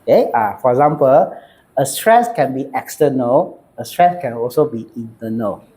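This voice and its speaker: A man with a Malaysian English accent, a psychiatrist giving a lively, joking talk and mixing in local slang. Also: mid-range voice, moderate pace. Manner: animated, jokey, mixes in local slang. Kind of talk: lively lecture with humor.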